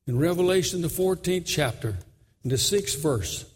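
A man's voice: on the high side, animated, moderate pace, big-room sound, slight background noise. A man preaching a sermon, telling a story with fervor and repeating phrases for emphasis.

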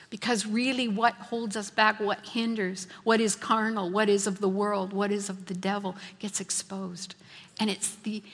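High-voiced woman preaching in a reverberant hall. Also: fairly bright tone. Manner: fervent, repeats phrases for emphasis. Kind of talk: sermon. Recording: long reverb of a large hall.

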